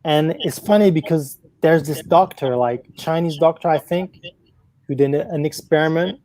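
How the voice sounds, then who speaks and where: Woman co-host with a mellow voice, chatty. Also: low-pitched, moderate pace, no echo, rough recording. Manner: chatty, lots of "like" and "you know" fillers. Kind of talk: casual live-stream chat.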